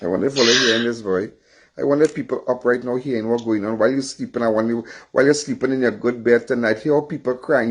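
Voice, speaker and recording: A man's voice: medium pitch, breathy edge. A middle-aged man with a Trinidadian accent hosting a live call-in show, talking in an impassioned, repetitive, pleading way. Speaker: host.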